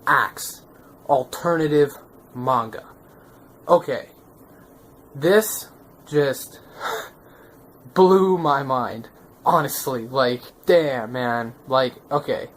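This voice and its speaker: A man reviewing manga in a casual vlog, excitable and slangy, often checking in with the viewer. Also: mid-range voice, extremely slow, long pauses. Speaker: manga vlogger.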